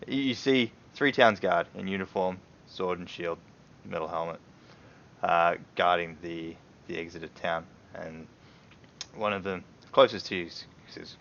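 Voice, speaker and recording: A man with a very low voice narrates a tabletop game as its game master. He hesitates and rambles, circling back with fillers. The stream audio is dull and lo-fi. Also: measured pace, gravelly, a bit bright, slight background noise.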